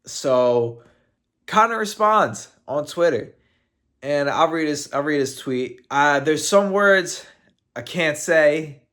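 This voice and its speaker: A man's voice: on the high side, expressive, slow pace, a bit bright. A man commenting on combat sports in a casual fight breakdown, joking and laughing often.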